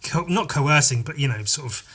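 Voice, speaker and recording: A man's voice: fairly high pitch, expressive, a little fast, bright, forceful tone, husky. A man hosting a podcast, chatting casually and swearing, acting out scenes with sound effects. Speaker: podcast host and comic artist.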